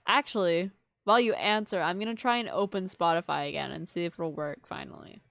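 A woman's voice: fairly low pitch, fairly quick, gravelly, fairly bright tone, dry recording. A woman streaming live, chatting casually with her viewers and teasing them in a playful, mock-offended way. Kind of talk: casual livestream chat with viewers.

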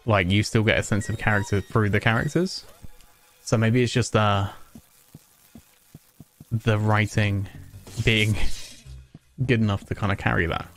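A man's voice: fairly low pitch, fairly even intonation, a little slow, pauses often, soft background music. A man streaming a video game, chatting casually in a rambling, self-mocking way with frequent chuckles. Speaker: gaming streamer. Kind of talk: casual let's-play commentary.

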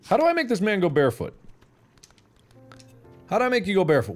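A man's voice: sits high, huge pitch swings, fast talker, long pauses, soft background music. A man hosting a gaming video, giving playful, goofy gameplay commentary with jokes and silly noises. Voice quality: goofy, jokey, bursts of laughter and silly sounds. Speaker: gaming host.

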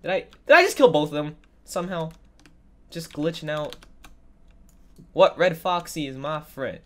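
A woman's voice: low-pitched, normal speed. A woman giving sarcastic, dramatic gameplay commentary while sick, her voice nasal and congested. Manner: sarcastic, exclaiming, dramatic mock complaints. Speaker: gaming video creator.

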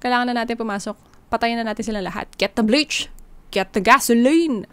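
A man's voice: very high-pitched, fast talker, fairly bright tone, clean tone, dry recording, pitched above the performer's own voice. A woman voicing a cruel, impatient male kidnapper giving orders. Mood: menacing. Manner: menacing, commanding.

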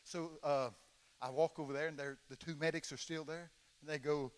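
A man, telling folksy stories in an animated sermon, sometimes shouting quoted lines. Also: fairly high pitch, fairly quick, slight background noise. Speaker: guest preacher. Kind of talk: storytelling sermon. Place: large church hall. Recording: long reverb of a large hall.

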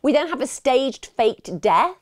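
A woman presenting true crime commentary in a casual, animated and indignant way, speaking straight to her viewers. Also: sits high, a little slow.

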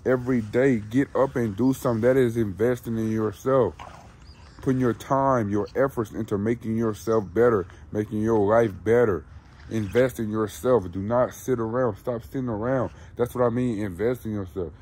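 A man's voice: lowish voice, fairly even intonation, moderate pace, darkish tone, breathy edge. A man talking in a blunt, preachy, casual vlog style outdoors at a dog kennel, pressing his viewers again and again. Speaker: dog breeder and vlogger. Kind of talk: casual motivational vlog talk.

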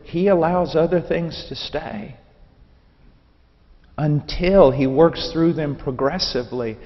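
Preacher, male, slightly high voice, lively storyteller acting out dialogue; muffled lo-fi recording. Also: takes it slowly, big-room sound. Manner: animated storytelling, acts out dialogue. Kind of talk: personal testimony sermon.

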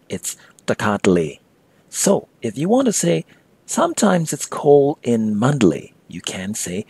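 A man teaching a language lesson as an instructor, repeating example phrases slowly and carefully. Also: medium pitch, a little mellow, breathy edge, no echo.

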